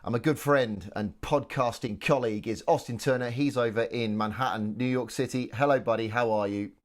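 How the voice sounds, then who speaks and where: A man's voice: medium pitch, fairly even intonation, a little fast. A British man hosting a comedy podcast, with an ordinary mid-range voice. He chats casually and jokes along while he tells the story. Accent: British English. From United Kingdom. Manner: chatty, jokey, says "mate" a lot. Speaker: podcast host.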